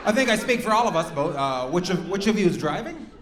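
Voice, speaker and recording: A man's voice: sits high, big pitch swings, fast talker. A man doing profane, teasing stand-up crowd work with the audience in a comedy club. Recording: echoey club, loud crowd noise.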